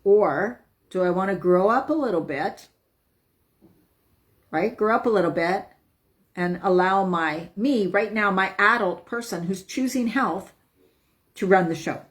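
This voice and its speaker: A woman's voice: mid-range voice, measured pace, pauses often. A woman health coach talking casually to viewers on a live stream, emphatic and upbeat, often asking "right?".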